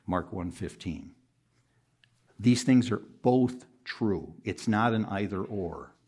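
A man's voice: expressive, slow, slightly rough. Earnest preacher man pressing his point. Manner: earnest, pressing, rises sharply for emphasis then drops low. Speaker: pastor. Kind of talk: expository sermon. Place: room with a congregation.

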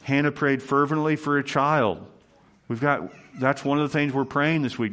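A man's voice: medium pitch, normal speed, a bit bright. A man preaching as pastor, earnest and emphatic, repeating key phrases as his sermon moves into prayer.

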